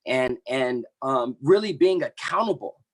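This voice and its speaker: A man's voice: medium pitch, expressive. Earnest man telling his story. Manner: earnest, impassioned, with halting restarts. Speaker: membership coordinator of an activist group. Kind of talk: personal story told on an online panel.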